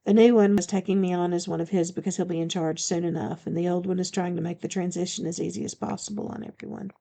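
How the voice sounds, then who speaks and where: A woman's voice: lowish voice, steady tone, fast, creaky, warm tone. Woman voicing a blunt male bodyguard. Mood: firm.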